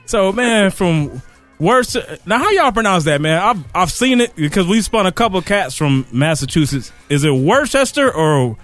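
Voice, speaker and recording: A man's voice: high-pitched, lively intonation, moderate pace, fairly bright tone, soft background music. A man hosting a podcast in a loose, slangy casual chat, laughing easily. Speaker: podcast host.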